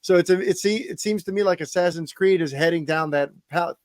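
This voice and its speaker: A man's voice: sits high, a little fast, no echo, clean studio sound. A man hosting a podcast in casual chat, steering topics with wry asides. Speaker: podcast host.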